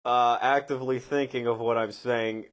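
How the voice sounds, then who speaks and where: A man's voice: mid-range voice, fairly even intonation, moderate pace. A man co-hosting a casual comedy podcast, loose and profane, sometimes drifting into a New York style of speech. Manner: slips into a New York style accent when tired; casual, swears often. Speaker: podcast co-host. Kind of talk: casual chat.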